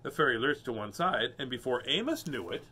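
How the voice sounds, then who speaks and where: A man's voice: medium pitch, animated, fairly quick, sharp tone, slight background noise. Playful man reading aloud with joking asides. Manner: playful, self-mocking. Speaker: host reading children's books.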